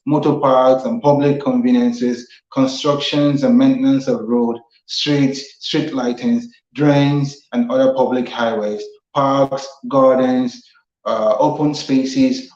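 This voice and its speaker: Explaining the constitution with earnest repetition for emphasis, this Nigerian talk show host speaks in a mid-range, slightly mellow voice. The civic show's audio sounds roomy and a little dull.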